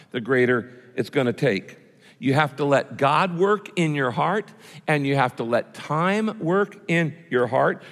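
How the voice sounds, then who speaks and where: Male pastor, emphatic and repetitive sermon delivery, lively pitch, hall reverb.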